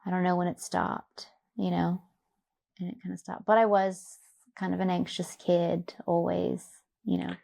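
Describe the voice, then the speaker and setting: A young adult woman from Louisiana, an interview guest telling her own story in a reflective, soft-spoken way with many fillers. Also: fairly low pitch, flat delivery, normal speed, creaky. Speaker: podcast guest. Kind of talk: personal story in a conversational interview.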